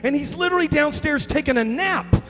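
A man preaching a comic sermon, telling stories in a chatty way that builds to shouting. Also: extremely high pitch, brisk, in a large hall, faint music behind.

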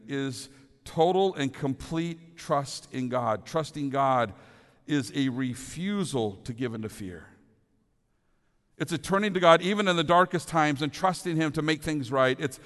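A man preaching a sermon as pastor, earnest, often dropping to soft low tones for emphasis. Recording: long reverb of a large hall.

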